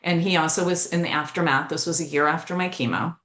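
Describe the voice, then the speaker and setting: A woman's voice: deep voice, steady tone, fast talker, fairly bright tone. A middle-aged woman being interviewed, talking earnestly as a mental health educator and telling personal stories, speeding up on key points. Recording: roomy echo.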